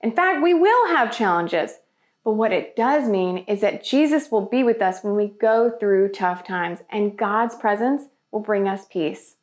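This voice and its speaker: A woman's voice: mid-range voice, expressive, unhurried. A woman hosting a children's church video, talking in an upbeat, enthusiastic way. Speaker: children's ministry host.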